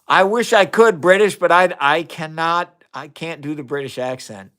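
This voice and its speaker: Fairly high-pitched and a bit bright, his voice is clean and moves at a normal speed, carrying a Midwestern accent. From an indoor home chemistry lab, he runs a relaxed science live stream, chatting in a friendly, rambling way and answering comments from viewers. The audio comes from a phone camera he flips around mid-stream.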